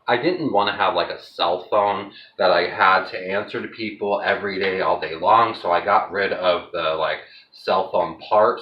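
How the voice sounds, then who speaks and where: Guy rambling on while cooking in his kitchen, kinda low voice, muffled home recording. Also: roomy sound, slight background noise. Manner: rambling, chatty, talks straight to viewers. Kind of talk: casual cooking vlog chat.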